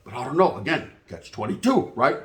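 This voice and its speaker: A man's voice: mid-range voice, very animated, brisk, echoey room. A man telling a casual story to his channel's viewers in profane, slangy street talk. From California. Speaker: YouTube channel host.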